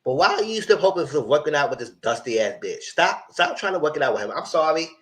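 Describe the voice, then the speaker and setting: A man with a somewhat high voice recaps a reality show live in a loose, casual style. He rants with exasperation, talks back to the people on screen and swears without holding back. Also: sing-song, fast talker, a bit bright. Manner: exasperated, ranting, blunt with swearing.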